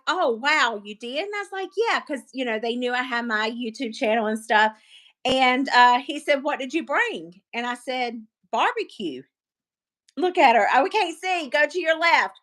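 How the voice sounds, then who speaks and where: Woman, bright sharp voice, animated storyteller, laughs easily. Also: high-pitched, moderate pace. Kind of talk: casual chat on a livestream.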